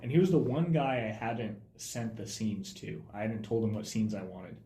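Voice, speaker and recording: A young man, a film student, telling production stories in a casual podcast chat, animated and growing loud when excited. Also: on the low side, normal speed. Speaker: film student director, guest. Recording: roomy echo.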